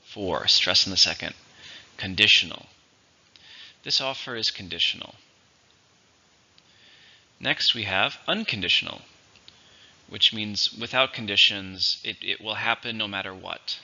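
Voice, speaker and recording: A man teaching English vocabulary, going through each word methodically and repeating it slowly for its syllables and stress. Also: fairly low pitch, vocal fry, pushed and bright, lo-fi sound. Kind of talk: vocabulary lesson.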